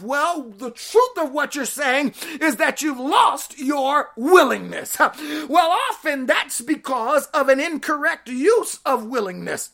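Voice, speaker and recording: A woman preaching a sermon, emphatic and often shouting, laughing between lines and calling on the congregation to respond. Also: sits high, lively intonation, a little slow, vocal fry.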